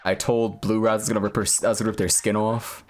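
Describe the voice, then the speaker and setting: A man streaming a game and chatting casually, rambling with lots of filler words and deadpan jokes. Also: on the low side, quick pace, slight background noise. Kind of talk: casual gaming stream chat.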